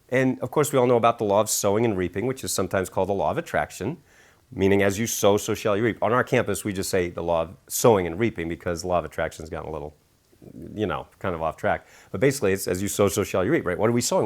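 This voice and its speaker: In an animated storytelling interview, this middle-aged man, an author and speaker, is full of enthusiasm. He acts out quotes with large leaps in pitch.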